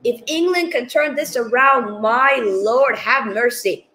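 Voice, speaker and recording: A woman's voice: on the high side, slow pace, pushed and bright, roomy sound, a little hiss or hum, low-quality recording. A woman hosting a live watch-along of a match, emotional and thinking aloud as she talks straight to her viewers. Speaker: host.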